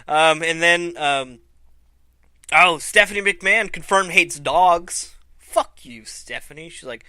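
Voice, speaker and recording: A man's voice: on the high side, slow pace, bright, forceful tone, no echo. A man hosting a casual review vlog, loose and laughing, swearing freely. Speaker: vlog host.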